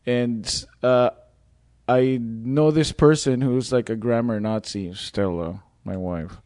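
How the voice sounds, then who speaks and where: A man with a Filipino accent talks in English, his second language, stopping and restarting with frequent laughs. His voice sits at a middle pitch, recorded close and dry. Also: darkish tone, no echo. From Philippines. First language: not English. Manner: halting, laughs often, many restarts. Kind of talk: casual chat.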